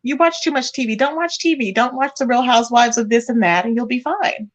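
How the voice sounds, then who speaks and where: A woman's voice: on the high side, a little fast, dull audio. A woman hosting a livestream, chatting casually and animatedly about celebrity gossip, calling people "child". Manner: animated, calls listeners "child". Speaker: livestream host.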